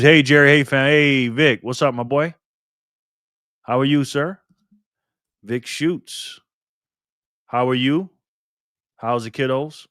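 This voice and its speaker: A man with a medium-pitched, slightly bright voice hosts a casual live stream while recovering from illness, greeting viewers by name and reading chat aloud in a friendly, chatty way. The studio sound is clean, with no room sound.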